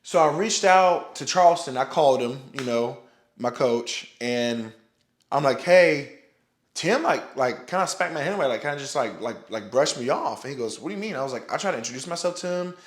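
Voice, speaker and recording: A young man recounting a story straight to the camera in a loose, rambling way, circling back with restarts and filler words and the odd curse. His voice sits at an ordinary middle pitch. The room around him rings with a noticeable echo. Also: lively intonation, brisk. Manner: rambling, many restarts and "like", swearing. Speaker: powerlifter telling a story. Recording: roomy echo.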